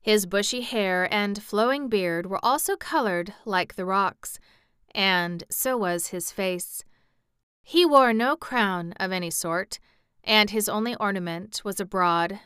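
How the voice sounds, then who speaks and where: Slow, very clear woman narrator. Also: mid-range voice, fairly bright tone, no echo, clean studio sound. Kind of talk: audiobook reading.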